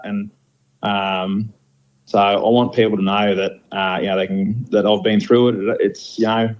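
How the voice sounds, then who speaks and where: In a frank interview, a firefighter station officer, middle-aged with an Australian accent, speaks outspokenly and peppers his talk with fillers. His lowish, darkish voice barely shifts in pitch and runs a little slow, on poor audio.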